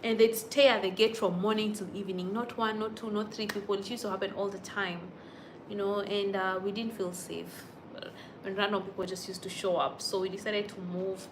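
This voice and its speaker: A woman's voice: mid-range voice, level tone, normal speed. Young woman, kenyan accent, livestream host, emotional, indignant, exclamatory, faint background noise. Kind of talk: casual livestream chat reading viewer comments. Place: at home.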